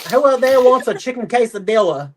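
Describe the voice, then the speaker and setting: A young man putting on a loud, folksy country accent as a good-old-boy character. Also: extremely high pitch, animated, fairly quick, pitched above the performer's own voice. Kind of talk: casual chat.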